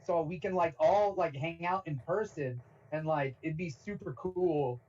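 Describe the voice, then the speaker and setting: A man's voice: fairly high pitch, a little slow, distant mic, highs cut off. A man hosting a podcast, chatting casually and saying "like" a lot. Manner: relaxed, lots of "like". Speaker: podcast host. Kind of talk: casual chat.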